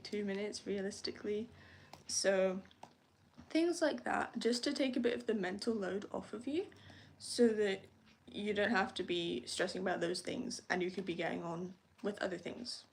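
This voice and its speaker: A young woman talking casually to her live-stream viewers, her voice often dropping into a gravelly fry at the ends of phrases. She chats in a relaxed, upbeat way, rambling a little. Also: mid-range voice, slight background noise. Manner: chatty, upbeat, rambling with frequent laughs. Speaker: host of a live journaling stream.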